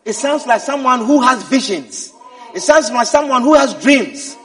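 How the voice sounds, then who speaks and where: A man preaching a sermon, swinging from quiet asides to shouted exhortations. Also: very high voice, expressive, normal speed. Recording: echoey hall, mic at a distance.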